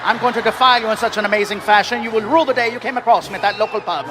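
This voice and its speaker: A man's voice: sits high, rapid-fire, a crowd in the background, lightly acted. Posh fussy Englishman, put on by a male comic, put-on English accent, stiff and prim. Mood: grandly. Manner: stiff, proper, mock-refined. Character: prim posh English man, overly proper.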